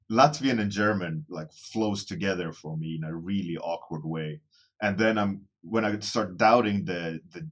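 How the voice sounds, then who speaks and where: A man casually chatting with viewers during a livestream, rambling and self-deprecating, often restarting his phrases as he thinks aloud. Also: sits low. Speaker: artist streaming a daily warmup.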